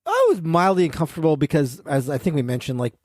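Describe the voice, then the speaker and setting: A man chats on a podcast in a warm, mellow voice, quick to laugh and agree. His pitch moves in a lively way, and his replies tend to be short. The recording is dry and close. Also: no room sound. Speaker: podcast co-host. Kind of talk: casual chat.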